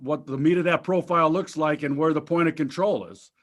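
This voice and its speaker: Guy cohosting a market show, swears a lot, jokey, kinda higher voice. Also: fairly even intonation, brisk. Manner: blunt, profane, joking. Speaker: co-host of a markets talk show. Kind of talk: casual market chat.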